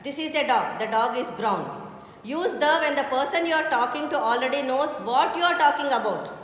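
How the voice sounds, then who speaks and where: High-voiced teacher, echoey hall. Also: female voice, animated, moderate pace, fairly bright tone. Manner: explains step by step, often checking with "okay?" and "ma". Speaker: English teacher. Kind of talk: classroom grammar lesson. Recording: very echoey hall with faint background noise.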